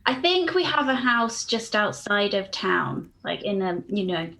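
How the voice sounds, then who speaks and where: A woman playing a tabletop role-playing game, speaking in halting, trailing phrases. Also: medium pitch, very animated, creaky, sharp tone. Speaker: player.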